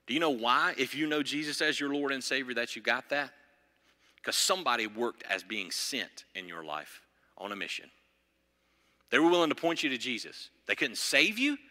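A man's voice: mid-range voice, bright, forceful tone, long reverb tail. A man preaching a sermon as pastor, building to emphatic, rising bursts.

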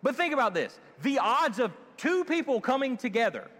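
A pastor preaches in a church sanctuary, his fairly high voice jumping up and down with animated swings of pitch. He keeps it jokey and conversational, peppering the congregation with questions, while a long reverb tail hangs behind every phrase. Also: moderate pace. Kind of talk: sermon.

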